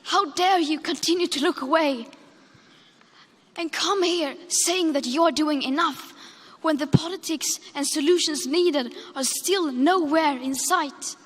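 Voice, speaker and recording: A woman's voice: high voice, big-room sound. A young woman giving a formal speech in an accusing, emotional manner. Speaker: climate activist giving a speech.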